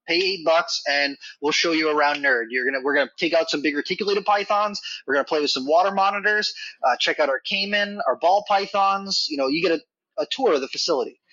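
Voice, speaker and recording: A man's voice: a little high, pushed and bright, no room sound. A man guesting on a podcast, telling a casual, rambling story full of "like" and "you know.". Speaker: podcast guest, reptile facility worker. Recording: dull, dry lo-fi audio.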